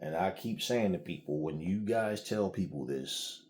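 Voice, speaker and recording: A man's voice: low voice, lively intonation, unhurried, darkish tone. A middle-aged man giving heated solo commentary, blunt and swearing freely as he vents. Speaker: channel host.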